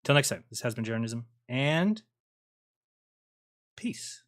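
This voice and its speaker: A man's voice: medium pitch, sing-song, slow pace, fairly bright tone. A man hosting a livestream who rambles casually and swears now and then. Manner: rambling, laid-back, swears. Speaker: livestream host.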